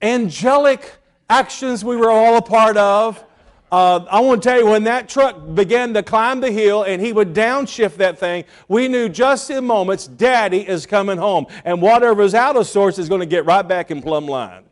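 A middle-aged male pastor preaching a sermon, telling stories with sudden swings from loud bursts to hushed asides. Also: high voice, moderate pace.

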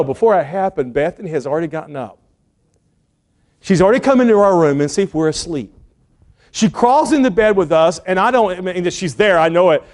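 A middle-aged man preaching, telling a lively family story and shouting the quoted lines. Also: high voice. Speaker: pastor. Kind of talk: sermon storytelling.

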